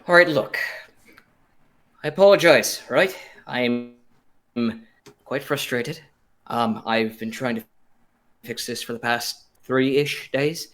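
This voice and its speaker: A man voicing a frustrated tinkerer adventurer who is short of coin, talking in a halting, rambling way during in-character tabletop role-play. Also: mid-range voice, a bit bright. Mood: apologetic.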